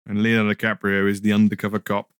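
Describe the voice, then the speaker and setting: A man's voice: lowish voice, monotone, fast, smooth, no room sound, studio quality. A man co-hosting a casual chat, reading reviews aloud and rambling with many fillers. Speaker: podcast co-host.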